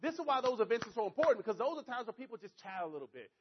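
A high-pitched man delivers an energetic motivational talk, repeatedly checking in with his listeners. The recording is dull and lo-fi, with muffled highs. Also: rapid-fire, background noise. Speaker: motivational speaker.

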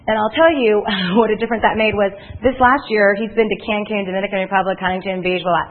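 Energetic woman speaker, tinny phone-like sound. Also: medium pitch, quick pace. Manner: energetic, chatty, acts out others' voices. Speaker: motivational speaker at a sales meeting. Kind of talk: animated storytelling to a live audience.

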